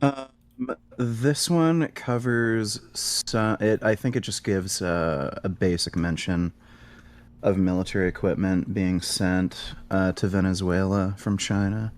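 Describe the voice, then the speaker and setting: A man's voice: low-pitched, fairly even intonation, slow pace. A man in an online political debate who hesitates and stammers, with many filler ums.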